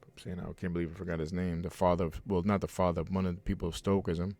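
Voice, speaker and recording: A man's voice: low voice, little pitch movement, fast, a little mellow. A man preaching a heated, rambling sermon at home, reading scripture and breaking off into fiery asides with many restarts.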